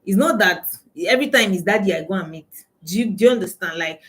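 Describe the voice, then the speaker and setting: A Nigerian woman coaching her audience about money. She talks emphatically, repeating her main points and firing questions at her listeners. Her voice sits at an ordinary middle pitch for a woman. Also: expressive, quick pace. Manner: emphatic, repeats key lines, asks the audience; laughs often while telling anecdotes. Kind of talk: motivational talk to an audience.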